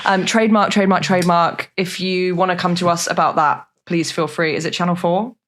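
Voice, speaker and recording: A woman co-hosting a podcast, jokey and quick to laugh along. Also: fairly low pitch, little pitch movement, fairly bright tone. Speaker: podcast co-host. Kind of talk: casual chat.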